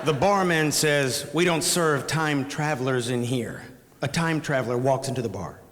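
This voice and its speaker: A man's voice: medium pitch, normal speed, fairly bright tone. A man delivering punchy one-liner jokes on a live radio show. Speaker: radio actor. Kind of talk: live radio joke telling. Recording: theatre reverb with faint music.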